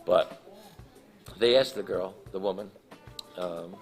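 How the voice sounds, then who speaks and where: A man telling an animated, emotional anecdote as a guest in a live interview, acting out the people in his story. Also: sits low, takes it slowly, pauses often, soft background music. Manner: emotional, laughs while telling. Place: live event in front of an audience.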